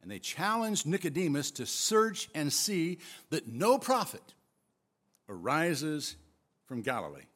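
A man preaching a sermon, retelling scripture with expressive, emphatic storytelling. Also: a little high, slow pace. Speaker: pastor.

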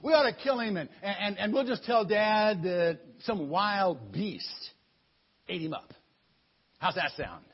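A man's voice: high voice, expressive, racing, hardly any pauses, breathy edge, pitched above the performer's own voice. A man voicing a jealous older brother who plots in a conspiratorial way. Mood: scheming. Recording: muffled lo-fi recording.

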